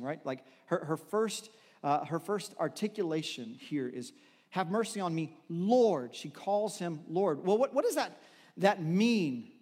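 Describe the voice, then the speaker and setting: A man's voice: fairly high pitch, a little mellow, big-room sound. A man preaching a sermon in a conversational, storytelling way, with filler words and restarts. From Texas. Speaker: pastor.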